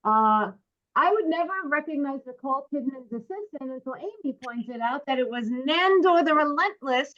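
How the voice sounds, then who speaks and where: A woman's voice: on the high side, fairly bright tone. Chatty woman hosting a movie club. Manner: chatty, jokey, reads from prepared notes. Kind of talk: casual chat reading notes. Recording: dull lo-fi sound.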